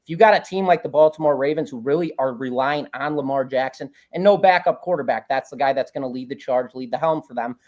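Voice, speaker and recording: A man's voice: medium pitch, quick pace, few pauses, darkish tone. A man talking at length as a guest handicapper, breaking down games confidently in a casual chat. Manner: talkative, confident, rambling. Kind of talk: casual sports betting analysis.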